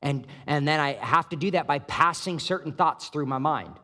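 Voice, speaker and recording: Conversational preacher in a reverberant hall. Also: male voice, fairly high pitch, moderate pace, sharp tone. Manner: conversational preaching, many rhetorical "right?" checks, acts out inner thoughts. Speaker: pastor. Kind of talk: sermon. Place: church hall.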